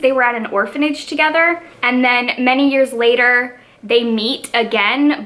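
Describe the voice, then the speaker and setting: A woman in her twenties, her voice on the high side with a fairly bright tone, chats casually to camera as a book vlogger. She rambles and peppers her talk with fillers.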